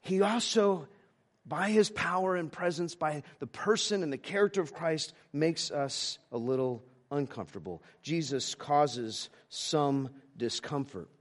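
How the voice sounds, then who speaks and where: A male pastor preaching a sermon, halting with many restarts, moving between emphatic lines and hushed ones. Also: fairly high pitch.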